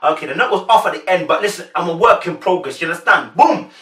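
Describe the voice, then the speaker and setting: A man's voice: high voice, lively intonation, quick pace, bright, forceful tone, recorded from a distance. A young man with a London accent giving casual, chatty commentary straight to his viewers, full of slang. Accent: London English. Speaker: reaction commentator. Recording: echoey room, voice a bit off-mic.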